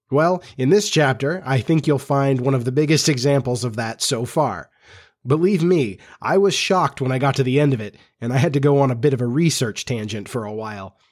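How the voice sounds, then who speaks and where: A man's voice: mid-range voice, a little mellow. A man hosting a storytelling podcast, chatting in a confiding, conversational way and then reading aloud with expression. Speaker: podcast host and narrator. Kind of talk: audiobook reading with chatty intro.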